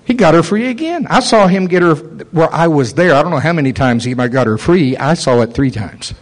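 A man's voice: a little high, brisk, poor audio. A man preaching a sermon, telling a story and acting out the voices in it. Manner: animated storyteller, acts out voices.

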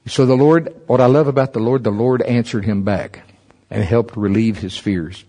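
A man's voice: medium pitch, normal speed, mellow. A man preaching a sermon at a church service, conversational and humorous, asking many rhetorical questions.

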